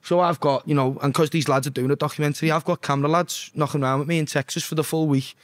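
A young singer from Liverpool, with the local accent, chats as a podcast guest in a casual interview, swearing freely and often asking "do you know what I mean". His slightly high voice is fast and fairly even, recorded dry.

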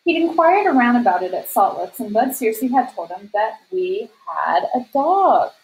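A woman reading a novel aloud at a steady, measured storytelling pace. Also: on the high side, low-quality recording. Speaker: reader.

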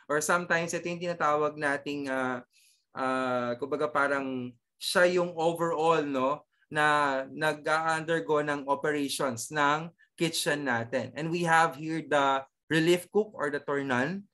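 A cookery teacher with a Filipino accent gives an online class lecture, mixing English and Tagalog, tagging sentences with "okay" and "no?", and often pausing on fillers and restarts. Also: medium pitch, steady tone, fairly bright tone. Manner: halting, with many restarts and fillers.

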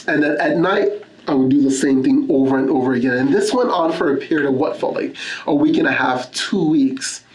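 A man's voice: fairly high pitch, roomy sound, rough recording. A man pastor giving an earnest sermon, telling a personal testimony and reading Scripture. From Canada. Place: church.

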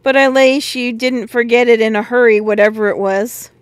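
A woman's voice: on the high side, steady tone, moderate pace, no echo, lightly acted. A woman doing a chatty old railway porter. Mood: yarning. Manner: rambling, folksy storytelling with dropped letters. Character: chatty working-class male railway porter, good-natured.

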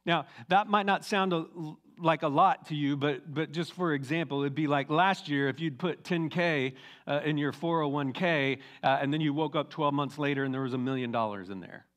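Man preaching a casual, lively sermon. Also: a little high, moderate pace, few pauses. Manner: casual, animated Bible retelling with asides. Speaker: teaching pastor.

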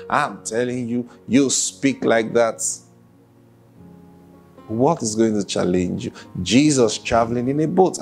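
A pastor preaches at an unhurried pace. He acts out quotes and laughs between points. Soft music plays faintly behind him. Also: mid-range voice, vocal fry. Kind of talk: sermon.

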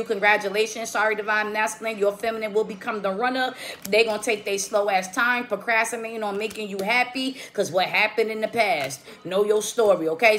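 A woman's voice: medium pitch, fairly bright tone. A woman giving a casual tarot reading in a slangy, profane, emphatic way, often checking in with "okay?". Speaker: tarot reader.

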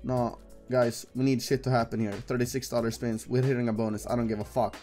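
A young man giving casual, excitable commentary while gambling, swearing and talking to the game. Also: medium pitch, fairly quick, faint music behind. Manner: excitable, swearing, talks to the screen. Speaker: gambling streamer. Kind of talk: casual live slot commentary.

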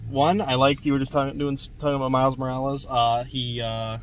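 A man's voice: mid-range voice, flat delivery, fairly quick, a little hiss or hum. A man hosting a casual movie review chat in a restaurant, rambling and swearing often. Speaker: host. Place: fast food restaurant.

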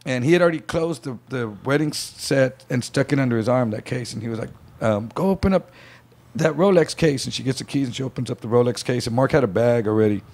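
Gravelly man telling a wild story. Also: mid-range voice, fast, hardly any pauses. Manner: animated storyteller acting out others' voices. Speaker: podcast guest. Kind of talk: casual storytelling.

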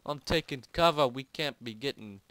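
A young man doing let's play commentary from home, excitable, yelping and swearing as he plays. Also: mid-range voice, moderate pace. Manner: excitable, loud yelps and swearing. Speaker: gamer and video host. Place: home at night.

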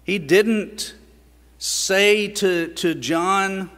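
Slow, earnest preacher in a reverberant church. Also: male voice, lively intonation, a bit bright. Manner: earnest, rises in pitch for emphasis and questions. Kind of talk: sermon. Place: church sanctuary. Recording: long reverb of a church sanctuary.

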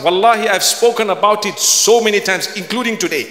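High, bright-voiced man preaching in an echoey hall. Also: fairly quick, hardly any pauses. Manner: earnest and pleading, building to fervent near-shouts. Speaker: Islamic preacher. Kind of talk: lecture-style sermon. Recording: echoey hall with long reverb.

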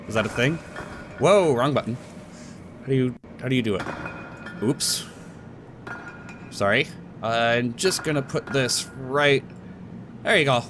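A man's voice: medium pitch, background noise. A young man giving casual, goofy commentary while playing a game, talking to objects and to himself. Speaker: let's play gamer.

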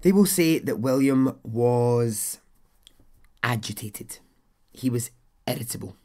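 A man's voice: mid-range voice, lively intonation, slow, dark tone. A man hosting a podcast, telling a true-crime story in a chatty, blunt way, swearing and adding his own asides. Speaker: podcast host.

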